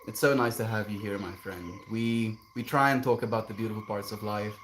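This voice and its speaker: A man's voice: lowish voice, steady tone, brisk, a little hiss or hum. Laid-back man chatting on a stream. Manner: laid-back, reads viewer comments aloud and answers them; chuckles often, drifts into gentle musings. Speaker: livestreamer reading chat. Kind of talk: casual livestream chat.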